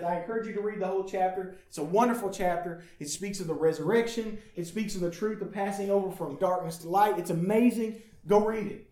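A man preaching a sermon as pastor, animated and calling out questions to his congregation. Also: high voice. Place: church hall. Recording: echoey church room, mic from a distance.

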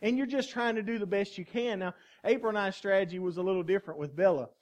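High-voiced preaching pastor, animated. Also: male voice, quick pace. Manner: animated preaching with call-and-response asides. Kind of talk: sermon.

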